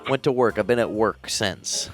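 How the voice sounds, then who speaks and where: A man's voice: lowish voice, moderate pace, a bit bright, soft background music. A man co-hosting a stream, chatting casually and joking in a rambling way. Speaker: streamer co-host. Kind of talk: casual chat.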